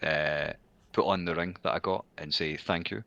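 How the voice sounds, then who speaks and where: A man playing a tabletop role-playing game, speaking haltingly with frequent restarts. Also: sits low, steady tone, creaky, pushed and bright, no room sound, dull audio. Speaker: player.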